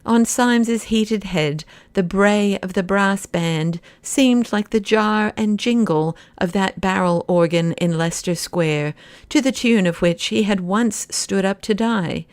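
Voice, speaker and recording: A woman narrating a classic novel as an audiobook reader, in a measured, even storytelling manner on a close mic. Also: mid-range voice, no echo.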